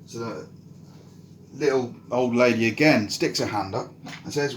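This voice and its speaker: A man telling a folk tale in a relaxed, casual way, with many "so he goes" links. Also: medium pitch, unhurried. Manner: relaxed, repetitive "so he goes" narration. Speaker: storyteller and channel host. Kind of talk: casual spoken storytelling. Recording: roomy echo, faint ambient noise.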